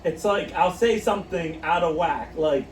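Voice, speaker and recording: Speaking at a moderate pace in a voice on the high side, a man co-hosts a podcast and shares stories in relaxed chat. He's giggly, frequently laughing through his own tales. There's a roomy echo, a distant microphone, and a bit of faint noise.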